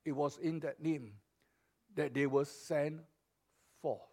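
A pastor delivers a sermon in a high-pitched male voice. He speaks slowly and deliberately, repeating his key phrases for emphasis. His delivery swings from soft, low passages to loud declarations. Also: fairly even intonation.

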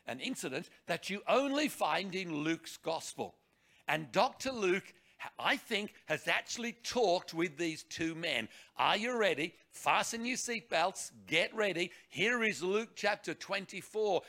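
A man preaching a sermon to a congregation, emphatic and animated, with rhetorical questions and repeated words. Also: high voice.

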